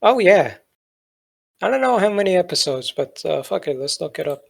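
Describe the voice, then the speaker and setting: A man's voice: high-pitched, very animated, normal speed, creaky, husky. A man co-hosting a podcast, chatting casually with crude, sarcastic humor and lots of filler. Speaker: podcast co-host. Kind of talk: casual chat.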